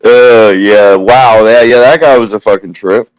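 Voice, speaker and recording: A man's voice: lowish voice, a little slow, poor audio. A man speaking as a podcast guest, blunt and profane in casual chat.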